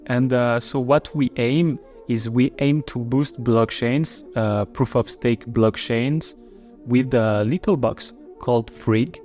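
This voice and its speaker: A man with a French accent talks through his project in a relaxed podcast chat. His voice sits at a middling pitch and he stops often to restart or fill with "uh". Soft music plays faintly underneath. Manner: halting, many fillers and restarts. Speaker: marketing chief of a crypto project. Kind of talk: casual podcast explanation.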